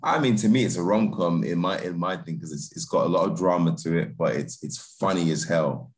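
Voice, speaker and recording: Man with a very low voice, laid-back interview talk, restarts and fillers. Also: a little fast. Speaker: film director. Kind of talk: relaxed interview chat.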